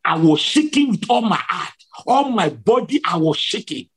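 A man's voice: high voice, very animated, normal speed, breathy edge. A male preacher giving a sermon testimony, telling his story emphatically and repeating key words for drama.

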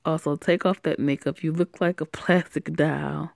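A woman's voice: low-pitched, fairly even intonation, normal speed, creaky, a little mellow, no echo, studio quality. A woman voicing a blunt, protective teenage boy in a homemade voiced story who scolds in short, curt lines. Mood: scolding.

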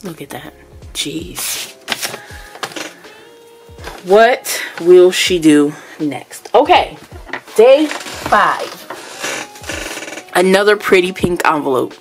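A woman's voice: fairly low pitch, lively intonation, extremely slow, long pauses, soft background music. A woman vlogger unboxing products, gushing and exclaiming as she chats casually to her viewers at home. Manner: gushing, exclamatory, keeps addressing viewers as y'all.

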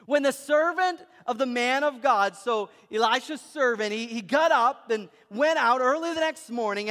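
A man's voice: extremely high pitch, a bit bright. A man preaching a sermon as a pastor, telling a story with frequent repetitions and restarts. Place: church hall. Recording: reverberant church hall.

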